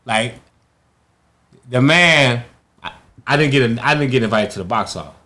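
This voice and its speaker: Animated man telling stories. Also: medium pitch, moderate pace. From Chicago, USA. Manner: animated, profane, acts out quotes in others' voices. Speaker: guest, former boxing champion. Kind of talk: casual storytelling.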